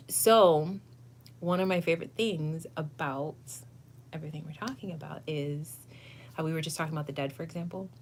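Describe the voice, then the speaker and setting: Low-voiced effusive woman tarot reader. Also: a bit bright. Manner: effusive and gushing, laughs often, casual swearing. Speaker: tarot reader and channel host. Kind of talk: casual livestream chat answering viewers.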